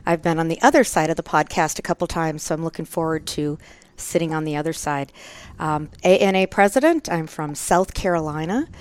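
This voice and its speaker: A woman with a Minnesotan accent, co-hosting a podcast interview and talking fast in a friendly way. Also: low voice, clear, resonant tone. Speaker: guest co-host.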